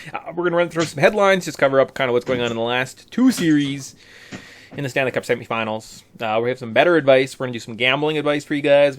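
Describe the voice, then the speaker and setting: Lively joking podcast co-host, a man. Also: mid-range voice. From Canada. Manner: joking, rambling, animated delivery. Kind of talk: casual sports podcast chat.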